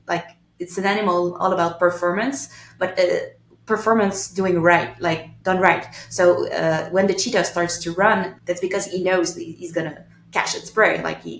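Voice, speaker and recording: A woman's voice: lowish voice, vocal fry, slight background noise. Quebec French woman in a roomy space. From Quebec, Canada. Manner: thoughtful, explains with restarts. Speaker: guest, agency owner. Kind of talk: podcast interview. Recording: roomy echo.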